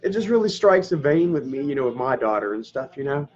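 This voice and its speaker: A man's voice: medium pitch, very animated, fast, darkish tone. A middle-aged man, telling a family story straight to camera at home, rambling, swearing casually and laughing through tears. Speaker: vlogger. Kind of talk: emotional personal storytelling to camera. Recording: dull lo-fi camera audio.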